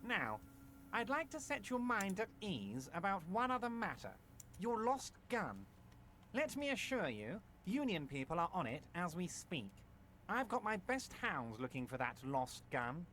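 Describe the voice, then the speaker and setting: An actor playing a slick union boss who talks down to a detective with false reassurance, in a game. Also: male voice, high voice, sing-song, unhurried, pushed and bright, slight background noise, exaggerated voice. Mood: patronizing. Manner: smooth, patronizing, falsely reassuring. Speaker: union leader. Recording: game audio with music behind.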